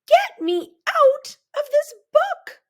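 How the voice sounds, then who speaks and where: A woman voicing a frightened young male bookmark, yelling in shrill panic in a storybook read-aloud. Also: very animated, slow, heavily acted. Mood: terrified.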